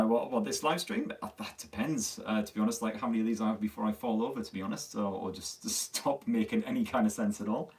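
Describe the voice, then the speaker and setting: A man's voice: medium pitch, a little mellow. A man from Sunderland with a Northern English accent, chatting casually as host of a live tech stream, swearing freely and poking fun at himself, his voice a little worn. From Sunderland, North East England. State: slightly losing his voice. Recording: distant mic on a phone stream.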